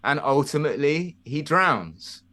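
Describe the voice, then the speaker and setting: A man's voice: a little high, unhurried. A man talking as a guest in a casual conversation, telling stories and acting out the voices in them. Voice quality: animated storyteller, acts out quoted voices.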